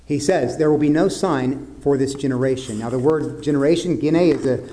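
A man preaching a sermon as pastor, in an earnest way that drops to soft, grave tones. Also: mid-range voice, brisk.

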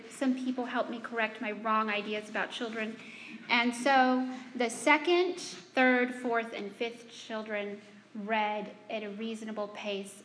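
A middle-aged woman gives a speech to a live audience in a large hall, her voice ringing with long reverb. She speaks slowly and unhurriedly, in a high register. Her delivery is self-deprecating and humorous. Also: bright, forceful tone, a little hiss or hum. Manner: conversational, with restarts and asides. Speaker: speaker addressing students and parents.

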